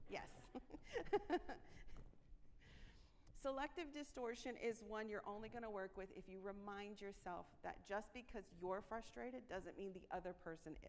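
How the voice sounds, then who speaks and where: A woman's voice: fairly high pitch, big-room sound, a little hiss or hum. A woman giving a conference presentation to a live audience, engaging the room with rhetorical questions and light jokes. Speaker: conference speaker.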